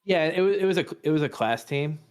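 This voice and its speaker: A man's voice: fairly high pitch, expressive, quick pace, clean tone. A man in his thirties, a podcast co-host and dad, telling a rambling self-deprecating story with restarts and swearing. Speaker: improv performer and dad. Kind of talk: casual storytelling chat.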